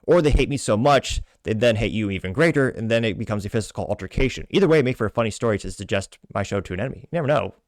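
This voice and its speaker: A man with a fairly low voice hosts a podcast, casually reading comments aloud and commenting on them. He stumbles and restarts often, joking at his own expense. The recording is dry and close. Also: lively intonation, rapid-fire, hardly any pauses, no echo. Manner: stumbling, self-deprecating, frequent restarts. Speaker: podcast host.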